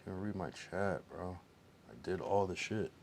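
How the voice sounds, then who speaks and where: A young East Coast American man livestreams, chatting loosely and with lots of profanity to his live chat. His voice is low, gravelly and darkish, he speaks a little slowly, and there's slight background noise.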